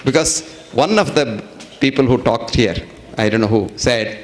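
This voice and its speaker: A man's voice: mid-range voice, a little hiss or hum. A man with an Indian accent delivers a talk to a live audience. He tells funny little stories and stretches out his key words for weight. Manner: humorous storytelling, slows to stress points. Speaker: lecturer. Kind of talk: public lecture with anecdotes.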